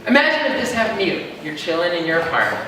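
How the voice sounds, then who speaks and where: A young man doing a stand-up comedy set, deadpan and chuckling at his own jokes. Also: high voice, fast talker, background noise. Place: open-mic stage in a hall. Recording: echoey hall recorded from far off.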